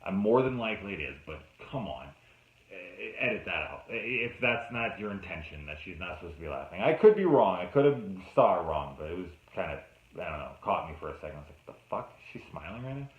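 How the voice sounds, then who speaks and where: A man giving a casual, profane film review, sounding exasperated throughout. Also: on the low side. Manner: exasperated, swears a lot. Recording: dull lo-fi sound in an echoey room.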